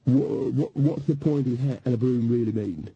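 A man's voice: medium pitch, moderate pace, dark tone, dull audio, a little hiss or hum, lightly acted. A man voicing a nervous young male hotel clerk who hesitates and stammers, read as an audiobook character.

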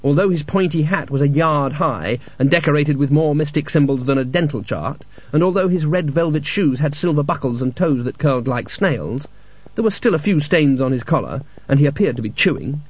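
A man narrating a comic fantasy novel as an audiobook in a dry, measured storytelling manner. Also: fairly high pitch, expressive, breathy edge, dry recording. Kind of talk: scripted narration. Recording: dull lo-fi audiobook recording.

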